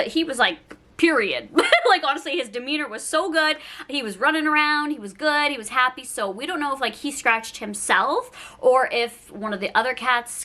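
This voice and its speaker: A woman's voice: fairly high pitch, sharp tone. A woman vlogging at home, telling a personal story in an emotional, rambling way, full of "like". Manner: emotional, rambling, says "like" a lot. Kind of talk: casual personal vlog.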